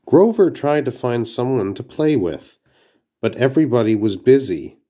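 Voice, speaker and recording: A man's voice: medium pitch, expressive, moderate pace, warm tone. A man reading a children's storybook aloud, carefully, with small slips and restarts. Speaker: narrator.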